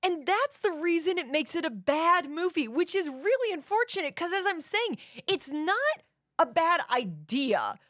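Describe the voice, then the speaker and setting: A young woman co-hosts a casual movie podcast, blunt and opinionated with the odd swear word. Her voice sits high and swings widely as she talks. The sound is dry and close. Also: big pitch swings, moderate pace, a bit bright, no room sound. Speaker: podcast co-host. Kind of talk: casual movie review chat.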